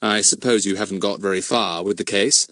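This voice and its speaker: A man voicing a calm, dry-witted middle-aged police inspector who speaks in a measured, politely ironic way. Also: fairly low pitch, dry recording, natural voice.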